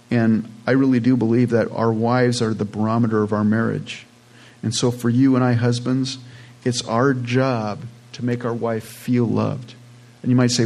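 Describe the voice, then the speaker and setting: A man's voice: medium pitch, gravelly, darkish tone. A man preaching a sermon in a plain, conversational way, with casual asides to his congregation. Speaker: pastor.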